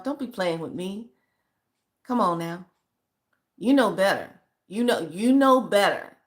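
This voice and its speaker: An older woman hosting a spiritual live stream, reading viewer comments aloud and answering them in a lively, motherly, teasing way, calling people honey. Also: lowish voice, unhurried, pauses often.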